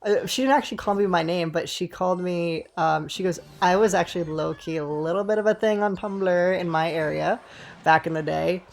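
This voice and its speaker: A man's voice: sits high, fairly quick, gravelly. Swearing young man telling a storytime. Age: 20s. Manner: swears freely and rambles with asides to viewers. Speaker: gaming storyteller. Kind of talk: casual storytime over gameplay.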